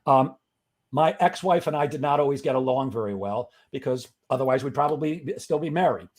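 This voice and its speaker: A man's voice: medium pitch, brisk, a little mellow. A middle-aged man guesting on a talk show, telling a personal story in an earnest way that builds to emphatic motivational advice. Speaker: guest, sales coach.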